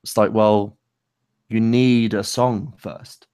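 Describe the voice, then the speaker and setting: A young man co-hosting a casual chat about songwriting, talking loosely with many fillers and pauses. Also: fairly low pitch, flat delivery, a little mellow, clean tone, no room sound, clean studio sound. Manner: loose, lots of fillers and likes, pace speeds up and slows. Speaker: co-host.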